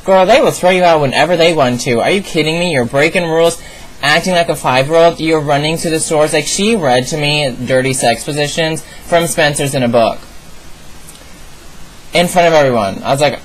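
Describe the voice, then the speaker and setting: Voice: medium pitch, brisk, rough recording. A young adult vlogger telling a story in an exasperated, sassy rant with plenty of asides.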